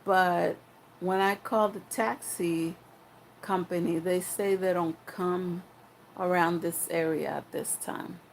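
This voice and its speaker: A woman's voice: on the low side, fairly even intonation, slow pace, creaky, slight background noise, rough recording. A woman voicing a pushy young boyfriend who wheedles and insists, in a storytelling vlog. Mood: explaining.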